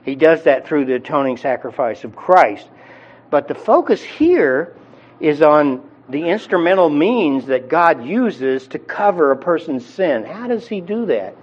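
A man's voice: fairly high pitch, big pitch swings, measured pace, lo-fi sound. A man preaching a sermon in a conversational teaching style, with frequent fillers and restarts. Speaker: pastor.

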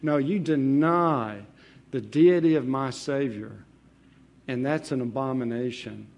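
A man's voice: mid-range voice, a little mellow. A man preaching a sermon as pastor, reading verses aloud and stressing key words. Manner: emphatic, reads scripture aloud.

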